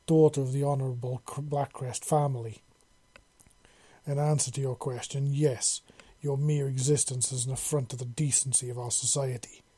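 A man voicing a massive, scarred male alien warrior judge, speaking with a gruff voice in cold, threatening pronouncements. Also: medium pitch, mellow, no echo, lightly acted.

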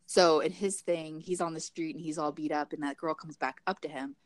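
A woman's voice: fairly quick, no room sound. A young woman casually retelling a TV episode, full of "like" and acting out the characters' lines. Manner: animated, acts out characters' lines in raised pitch; frequent fillers like "like".

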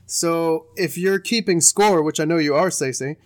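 Young male podcast co-host, casual sports recap, jokey and rambling, slightly higher voice. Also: moderate pace. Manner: joking, rambling, with put-on bits.

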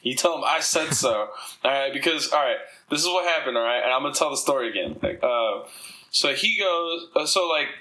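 Bright-voiced man, rambling and profane. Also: medium pitch, animated, brisk, low-quality recording. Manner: rambling, profane, laughs while telling stories. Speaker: comedian guest. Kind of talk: casual podcast chat.

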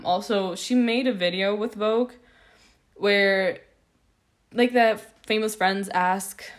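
A young woman hosting her own podcast, talking casually and nervously, with lots of fillers and restarts. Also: mid-range voice. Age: young adult. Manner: rambling, filler-heavy, self-deprecating. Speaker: podcast host. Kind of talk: casual solo podcast update.

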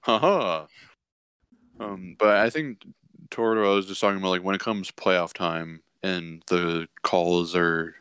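Casual hockey podcast guy, very low smooth voice, dry close sound, rants and mocks. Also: no room sound. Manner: ranting, mocking, fast and animated. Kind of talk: casual sports chat.

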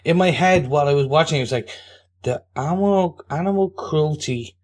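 A man's voice: on the high side, a little fast. A man co-hosting a podcast, chatting casually and making jokes, often stammering and restarting his phrases. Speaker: podcast co-host.

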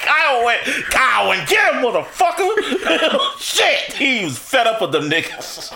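A man co-hosting a podcast, telling sports stories in casual chat, laughing often and getting excited. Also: sits high, moderate pace, creaky. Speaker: podcast co-host.

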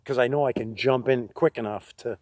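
A man tells rambling stories in a casual podcast chat. His voice is husky and sits at a middle pitch. He laughs his way through the tale, close to a dry-sounding mic. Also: fairly quick, a little mellow, no echo. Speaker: podcast co-host.

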